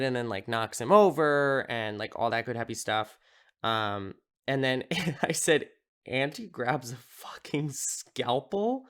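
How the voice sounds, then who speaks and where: A man's voice: mid-range voice, fairly bright tone, smooth. A man hosting a podcast, casually recapping a horror film in a rambling, amused way, with lots of filler words. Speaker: podcast host.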